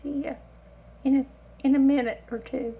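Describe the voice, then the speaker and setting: A woman's voice: sits high, fairly even intonation, normal speed, creaky, phone-quality sound. A woman chatting casually to camera in her home kitchen, rambling and self-mocking. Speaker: cooking vlogger.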